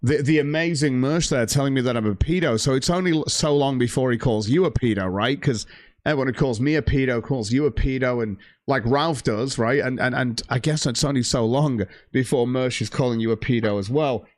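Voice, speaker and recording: A man's voice: medium pitch, a little fast, no room sound, clean studio sound. A man hosting a livestream, ranting heatedly and profanely about a rival streamer and reading out viewer donations. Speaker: stream host.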